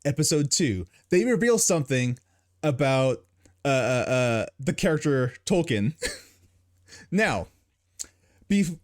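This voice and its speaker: A high-pitched American man co-hosting a casual podcast chat. His voice swings widely as he tells a story, breaking into laughter again and again. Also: slow, long pauses. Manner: laughs often, animated storytelling. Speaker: podcast co-host.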